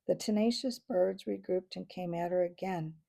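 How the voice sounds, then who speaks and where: A woman reading a children's book aloud with expressive storytelling and small slips. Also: fairly low pitch, normal speed, gravelly.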